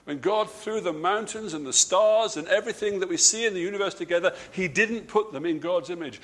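A man preaching a sermon, stressing key words by slowing down and dropping his voice, with frequent repeated words and restarts. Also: bright, forceful tone. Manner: emphatic, slows and drops low on key words.

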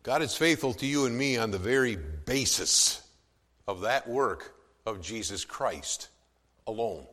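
A man preaching a sermon as pastor, swelling from soft to loud for emphasis, with some stammered restarts. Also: fairly low pitch, very animated, measured pace, long reverb tail.

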